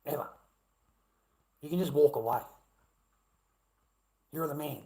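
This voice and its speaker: A man's voice: on the high side, unhurried, mellow. A middle-aged man with an Australian accent rants straight at his live chat. He speaks in a slightly raised voice, swears constantly and circles back over the same points. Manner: blunt, heavy swearing, repeating himself. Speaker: livestreamer.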